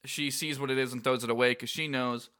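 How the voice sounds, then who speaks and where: A man's voice: medium pitch, fairly even intonation, a little fast, pushed and bright. A man co-hosting a casual podcast, recapping a game with laughter, swearing and playful banter. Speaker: podcast co-host.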